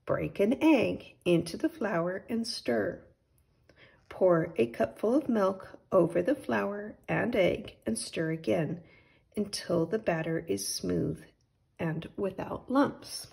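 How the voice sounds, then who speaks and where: A woman's voice: medium pitch, slow, vocal fry, husky, full character voice. A woman reading as a patient, instructive mother. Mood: calm. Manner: calm and instructive.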